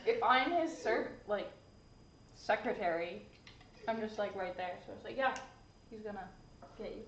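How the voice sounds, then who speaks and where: A woman's voice: medium pitch, normal speed, distant mic. A woman playing a tabletop game, chatting in an offhand way. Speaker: player. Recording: echoey, dull, noisy group recording.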